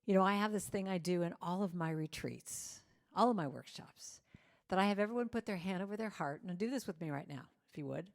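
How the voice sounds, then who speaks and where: Middle-aged woman speaker, fairly low voice, playful inspirational sermon delivery. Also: a little fast. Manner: warm, playful, inviting the audience to join in. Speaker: guest speaker.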